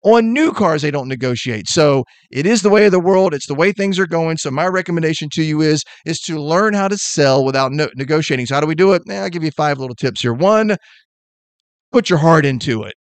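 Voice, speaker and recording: A middle-aged man hosting a sales podcast, giving an energetic motivational talk in a fast, emphatic and blunt way. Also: on the high side, smooth, no echo.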